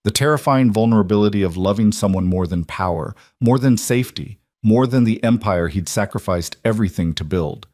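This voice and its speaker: Low-voiced male story narrator. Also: animated, brisk, few pauses, a little mellow, no echo, studio quality. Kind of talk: scripted narration.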